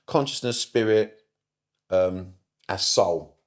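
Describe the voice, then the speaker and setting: A middle-aged man with a fairly low voice talks as a podcast guest. He is animated, swears freely and repeats words to drive points home. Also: slow pace. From United Kingdom. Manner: animated, swears often, repeats himself for emphasis. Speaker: therapist guest. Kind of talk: casual podcast interview.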